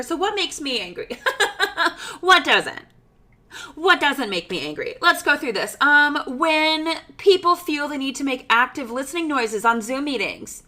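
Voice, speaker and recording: A woman in her thirties hosting a comedic solo podcast, ranting in a sassy, exaggerated way with sudden hushed asides. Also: sits high. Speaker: podcast host.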